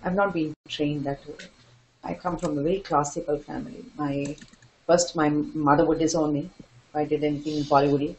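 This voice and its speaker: A woman's voice: sits low, normal speed, muffled recording, slight background noise. Older woman telling stories. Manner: animated, laughing, acts out quoted voices. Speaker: dance teacher and guest. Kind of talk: storytelling interview answers.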